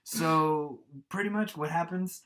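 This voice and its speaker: A man's voice: a little high, slow pace, sharp tone. A young man co-hosting a podcast, telling a story casually, swearing freely and laughing often. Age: young adult. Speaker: podcast co-host.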